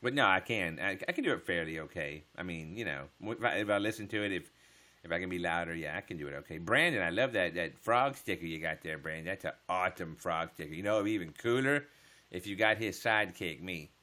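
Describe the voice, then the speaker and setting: A man hosting a casual late-night livestream, joking crudely with viewers and laughing often, sometimes dropping to a hush. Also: sits low, animated, fast. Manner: drops to a hush so as not to wake his household. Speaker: livestream host.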